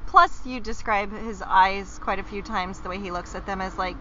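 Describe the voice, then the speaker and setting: A woman's voice: mid-range voice, normal speed, bright, forceful tone, dull audio, slight background noise. A woman co-hosting a casual book chat, supportive and curious, asking questions.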